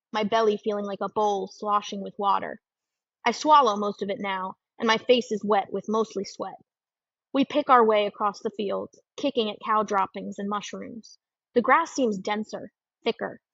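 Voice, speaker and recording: Woman teacher reading audiobook, gravelly husky voice, dull lo-fi sound. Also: mid-range voice, dry recording. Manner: steady first-person reading with measured pauses. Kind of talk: audiobook narration. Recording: dull lo-fi recording.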